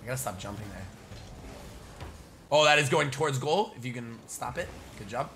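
A man on headset voice chat during an online match, keeping things calm and encouraging as he calls plays to his teammate. His voice comes across bright and forward, with a faint hiss of noise underneath. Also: mid-range voice. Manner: calm, encouraging, gives quick callouts to a teammate. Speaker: gamer and channel host. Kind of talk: casual chat while playing an online match.

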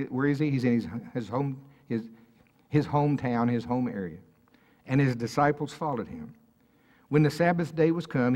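A man preaching to a congregation in a loose, conversational way. He talks at a mid-range pitch and keeps turning to the room with questions. It is recorded at a live church service. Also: a little mellow. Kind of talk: sermon.

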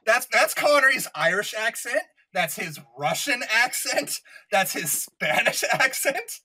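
A man's voice: extremely high pitch, very animated, a little slow, pushed and bright, husky. A tipsy man on a podcast, recapping a film plot and laughing easily in casual chat. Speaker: podcast host.

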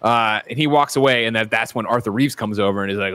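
A man co-hosting a casual podcast, retelling movie scenes and acting out the characters' lines in quick voices. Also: fairly low pitch, a bit bright, dry recording. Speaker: podcast co-host.

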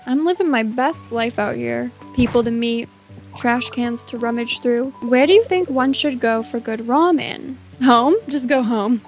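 A woman chats her way through a cozy farming game, playful and easily delighted. Her voice sits on the higher side, and soft game music hums behind her. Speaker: let's play host. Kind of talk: casual gameplay commentary.

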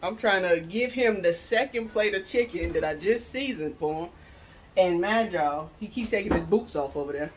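A woman's voice: on the low side, moderate pace, a little hiss or hum. A woman filming a family vlog at home, chatting to viewers with lots of laughs while she cooks in her kitchen. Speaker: family vlogger, mom. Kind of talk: casual vlog chat and cooking talk.

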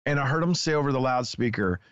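Man, guest author, excitable testimony, dry and slightly dull studio audio. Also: mid-range voice, quick pace, no echo. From Texas. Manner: excitable storyteller, acts out dialogue. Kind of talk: animated personal testimony.

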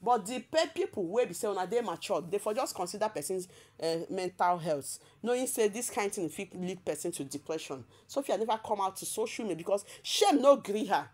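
A woman's voice: mid-range voice, animated, brisk, darkish tone. A woman with a Nigerian accent giving casual gossip commentary, emphatic and repetitive, often breaking into laughter. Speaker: celebrity gossip vlogger.

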